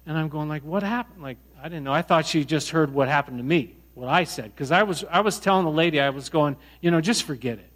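A middle-aged man preaching a sermon, telling a personal story in a conversational, animated way with many restarts. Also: fairly high pitch, fast talker, hardly any pauses. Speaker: pastor.

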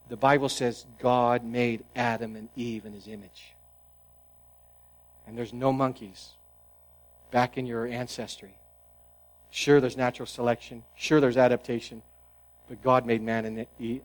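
A man preaching a sermon as pastor, earnest, often restarting his phrases and dropping to a hushed tone. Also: medium pitch, steady tone, normal speed, long pauses, poor audio. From New England, United States.

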